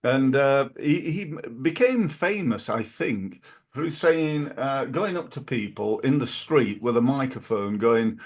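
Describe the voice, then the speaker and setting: A middle-aged man, hosting a podcast in a casual motivational monologue and jumping his pitch up to stress key phrases. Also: measured pace. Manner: animated, punches quoted catchphrases with big pitch jumps. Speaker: podcast host.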